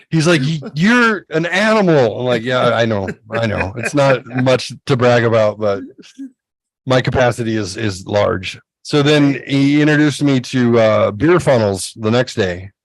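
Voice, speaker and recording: Animated storytelling man, dry mic. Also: medium pitch, measured pace, no echo, low-quality recording. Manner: animated, acts out quotes in a raised voice. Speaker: podcast co-host. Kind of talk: casual storytelling chat.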